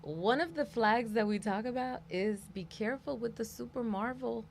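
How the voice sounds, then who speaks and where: A woman's voice: a little high, normal speed, vocal fry, a little hiss or hum. A woman guest coach in a casual conversation, earnest and cautionary, speaking from experience.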